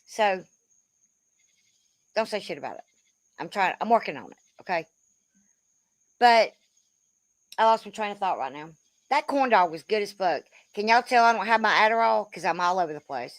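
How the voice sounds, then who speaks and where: A woman's voice: medium pitch, expressive, moderate pace, long pauses, no room sound. A woman in her fifties giving a blunt, profane, rambling commentary rant, often calling people "bro.". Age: 50s. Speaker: commentary creator.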